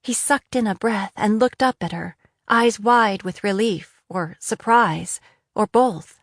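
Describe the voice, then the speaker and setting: A woman narrating a fantasy novel as an audiobook, with even, measured storytelling. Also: medium pitch, no room sound, studio quality.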